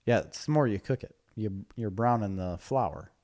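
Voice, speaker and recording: A man co-hosting a casual podcast chat, argumentative and quick to laugh. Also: fairly low pitch, darkish tone. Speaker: podcast co-host.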